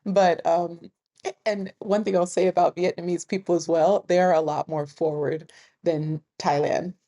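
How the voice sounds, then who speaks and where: Chatty low-voiced woman vlogger. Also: moderate pace. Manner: chatty, laughs often, animated storytelling. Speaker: travel vlogger. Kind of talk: casual talk to camera.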